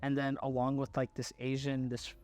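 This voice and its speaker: A man's voice: mid-range voice, completely flat delivery, normal speed, darkish tone. A young man co-hosting a podcast in casual chat, loose and laughing, full of fillers and restarts. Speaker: podcast co-host.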